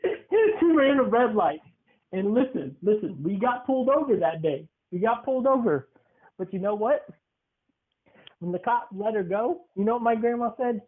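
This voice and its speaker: A man's voice: high-pitched, lively intonation, normal speed. A young man hosting a podcast, joking and teasing as he tells stories. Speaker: podcast host. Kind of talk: casual podcast chat. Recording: tinny phone-like sound.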